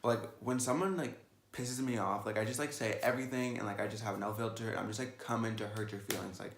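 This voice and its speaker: A man's voice: fairly low pitch, fairly even intonation, fast, gravelly, noisy background. An eighteen-year-old man telling a personal story in a casual vlog, chatty and sassy, with lots of "like". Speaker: makeup vlogger. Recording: roomy echo.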